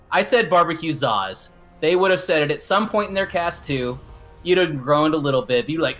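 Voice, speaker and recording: A man's voice: a little high, animated, a little fast, fairly bright tone, faint music behind. A man giving casual, rambling color commentary on an esports match, joking and self-deprecating. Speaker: esports co-caster.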